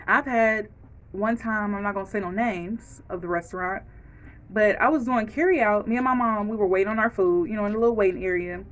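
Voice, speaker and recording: Frank, animated woman vlogger ranting. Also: mid-range voice. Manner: frank and animated, acts out quoted lines. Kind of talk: casual rant to camera.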